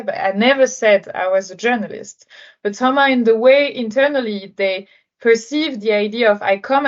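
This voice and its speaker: A woman from France speaks as a podcast guest, her voice sitting a little high. She talks thoughtfully, pausing on fillers as she works through her points. The audio sounds dull and lo-fi, as if it came over a remote call. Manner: thoughtful, many hesitations and fillers. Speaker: podcast guest, sales executive. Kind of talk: conversational interview.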